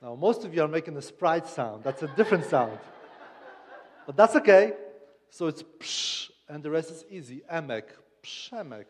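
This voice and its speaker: A man from Poland with a Polish accent, preaching as a guest speaker in a humorous, halting way with many restarts. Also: on the high side, animated, darkish tone, slightly rough, big-room sound. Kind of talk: sermon. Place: church sanctuary.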